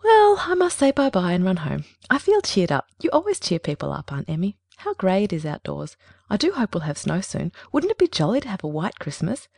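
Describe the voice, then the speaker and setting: A woman's voice: medium pitch, wildly swooping pitch, fairly quick, gravelly, darkish tone, no echo, studio quality, full character voice. A woman reading a story aloud, voicing a dramatic seventeen-year-old girl who talks dolefully and eagerly. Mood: cheerful.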